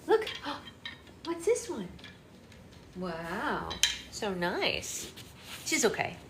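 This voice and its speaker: A young adult woman reading aloud on a live book club stream, gentle and soothing, at home. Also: medium pitch, wildly swooping pitch, very slow. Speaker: livestream book club reader. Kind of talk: live read-aloud and chat. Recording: roomy echo with faint hum.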